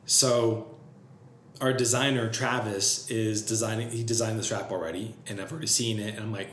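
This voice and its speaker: A man's voice: fairly low pitch, steady tone, normal speed, fairly bright tone, a little hiss or hum. A man talking in a casual, rambling monologue, full of fillers and swearing, enthusiastic. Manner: filler-heavy, profane, enthusiastic. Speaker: business vlogger. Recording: roomy echo, faint ambience.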